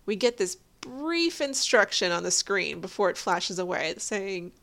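A woman's voice: mid-range voice, animated, a little slow, creaky, fairly bright tone. Chatty woman podcast co-host. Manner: chatty, explains trivia with little laughs. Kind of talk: casual episode review chat.

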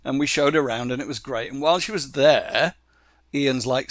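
A man being interviewed, telling animated stories from working in animation, acting out quotes and laughing often. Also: mid-range voice, normal speed, dry recording, studio quality. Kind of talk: casual interview storytelling.

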